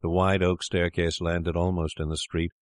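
A man reading a classic story aloud in a measured, deliberate narration. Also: low voice, flat delivery, clean tone, dry recording, clean studio sound.

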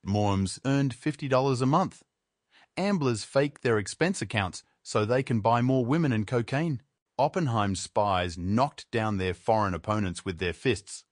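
A man reading a literary essay aloud in a measured, wry way. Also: medium pitch, no echo, clean studio sound. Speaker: essay reader.

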